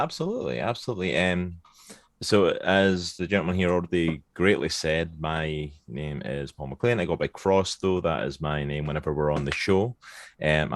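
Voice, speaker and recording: Scottish male guest, deep bass, chatty storyteller, dry sound. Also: no room sound. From Scotland. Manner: animated storyteller, laughs often. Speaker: podcast guest. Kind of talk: casual chat.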